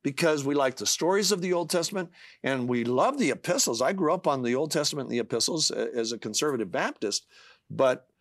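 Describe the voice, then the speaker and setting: A man's voice: mid-range voice, lively intonation, a little fast, no room sound. An older man, an author being interviewed, speaking earnestly and reading scripture aloud with passion. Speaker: author guest.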